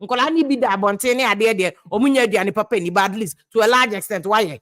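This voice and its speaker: A woman's voice: medium pitch, fast talker, a bit bright. A woman with a Ghanaian accent giving passionate political commentary, switching between English and Twi and repeating words for emphasis.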